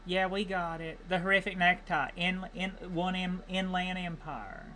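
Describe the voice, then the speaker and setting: A woman's voice: on the low side, steady tone, moderate pace, pushed and bright, slight background noise. A woman streamer with an Appalachian accent chatting casually while gaming, rambling, repeating words and restarting her sentences.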